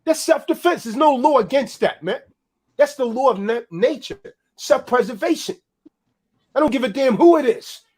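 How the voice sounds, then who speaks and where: A man's voice: extremely high pitch, lively intonation, moderate pace, a little mellow, slightly rough. A man delivering a heated, profane political rant in a preaching manner, tagging "man" onto his lines.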